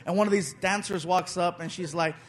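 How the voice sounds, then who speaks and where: A man telling a stand-up story on a club stage with a handheld mic, animated and acting out voices. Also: high-pitched, brisk. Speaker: stand-up comedian. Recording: loud laughing crowd, noisy club.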